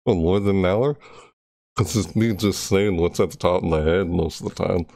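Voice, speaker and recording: A man's voice: low-pitched, fairly even intonation, normal speed, gravelly, mellow, dry recording. A young man chatting on a live stream into a close microphone, talkative and rambling, repeating himself as he goes. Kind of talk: casual rambling stream chat. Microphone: close desk microphone.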